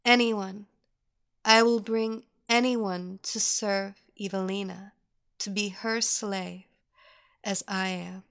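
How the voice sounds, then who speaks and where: A woman's voice: medium pitch, steady tone, takes it slowly, vocal fry, a bit bright, clean tone. A woman voicing an adult woman, a former babysitter, who speaks in an eager, pleading way. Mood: adoring.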